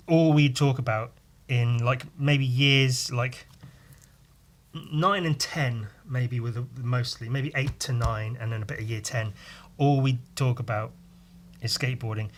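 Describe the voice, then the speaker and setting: A man's voice: medium pitch, a bit bright. A man hosting a podcast, rambling casually with crude, self-mocking humour while he draws. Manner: talks while drawing. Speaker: podcast host.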